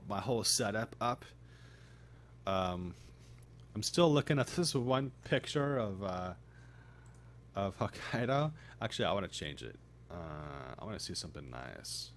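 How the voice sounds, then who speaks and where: A man's voice: lowish voice, fairly bright tone. Groggy rambling male streamer. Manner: rambling, halting, many restarts and fillers. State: tired and groggy. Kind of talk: casual live-stream chat. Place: home streaming setup.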